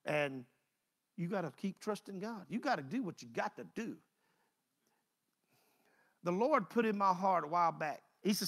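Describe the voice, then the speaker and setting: Gravelly high-voiced preacher man. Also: expressive, normal speed, long pauses, fairly bright tone. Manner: folksy, repeats phrases in driving bursts. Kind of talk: conversational sermon.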